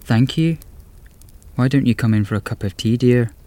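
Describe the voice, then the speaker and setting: A man's voice: mid-range voice, normal speed, dark tone, no echo, natural voice. A man voicing a kindly, cheerful old woman in a storybook reading. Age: over 60.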